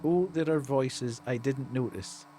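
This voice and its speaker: A Scottish man streaming a game, chatting casually and spelling words out in a slow, pedantic way. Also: mid-range voice, dark tone, soft background music. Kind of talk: casual gameplay commentary.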